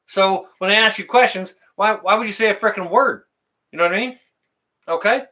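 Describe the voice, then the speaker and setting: Male livestream host, a little high-pitched, bright tone, indignant casual ranting. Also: brisk. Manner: animated, talks to chat viewers by name; indignant, rants and repeats phrases.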